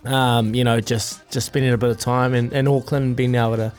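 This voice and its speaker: A man's voice: mid-range voice, flat delivery, a little fast, a little mellow, soft background music. A middle-aged man with a New Zealand accent, co-hosting a breakfast radio show in casual chat and telling stories while laughing often. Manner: chatty storyteller, laughs often.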